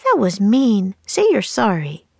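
A woman voicing an eager, bossy young girl in a storybook reading, with a pushy, excited manner. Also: high-pitched, unhurried, no room sound, voice pushed up, full character voice. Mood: scolding.

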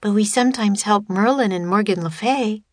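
A woman voicing a cheerful, bold nine-year-old girl in a storybook reading, pitched high and chirpy. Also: normal speed, a little mellow, no echo, natural voice. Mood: eager.

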